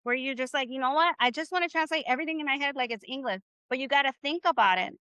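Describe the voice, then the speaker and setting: A woman's voice: high-pitched, fast, sharp tone, dry recording. A woman teaching Spanish in a live online class, upbeat and encouraging, often checking in with "right?". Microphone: video call.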